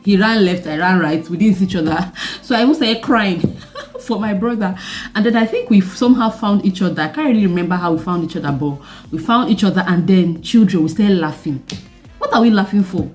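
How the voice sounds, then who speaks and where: A young Nigerian woman with a Nigerian accent, telling a personal story in a vlog with animated delivery and laughing asides. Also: mid-range voice, brisk, soft background music. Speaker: vlogger.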